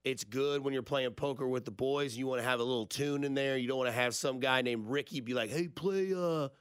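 A man's voice: medium pitch, steady tone, quick pace, a bit bright, smooth, dry recording, studio quality. A man, hosting a sports radio show in a rambling, jokey storytelling way. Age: 30s. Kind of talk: casual radio talk.

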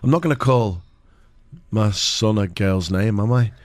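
A man's voice: on the low side, unhurried. A man in his thirties, a radio co-host and soon-to-be father, chatting in a good-natured, earnest way. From half Scottish, living in the UAE. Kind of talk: casual radio banter.

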